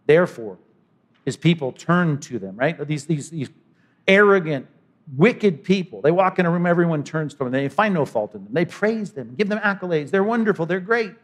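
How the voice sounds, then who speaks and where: A man's voice: on the high side, lively intonation, moderate pace. Dynamic man preaching. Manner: dynamic preaching, voices imagined speakers, sudden drops to quiet. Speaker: pastor. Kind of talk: sermon.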